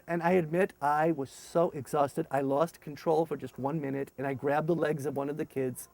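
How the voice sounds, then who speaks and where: A man's voice: on the high side, fairly quick, vocal fry, hardly any pauses, dry recording. A middle-aged man, a former paratrooper officer telling his story and acting out dialogue. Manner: animated, acts out dialogue in raised voices. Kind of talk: storytelling testimony.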